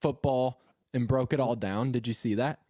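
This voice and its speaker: A man on a sports radio show, asking a question in a relaxed, casual way with a few hesitations. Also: mid-range voice, moderate pace, no echo, clean studio sound.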